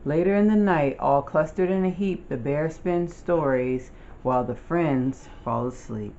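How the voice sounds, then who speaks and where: An adult reads a children's picture book aloud at an unhurried, careful pace, lingering over each line. The voice sits at a middling pitch. The recording sounds dull and lo-fi. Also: darkish tone, slight background noise. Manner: slow, deliberate storytelling delivery. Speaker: storybook reader.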